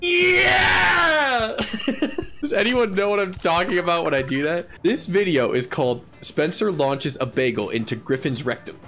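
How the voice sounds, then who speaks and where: A man streaming a game live, chatting to viewers in a playful, goofy way, laughing often and yelling when he wins. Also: fairly high pitch, animated, moderate pace, music in the background. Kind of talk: casual live gameplay chatter.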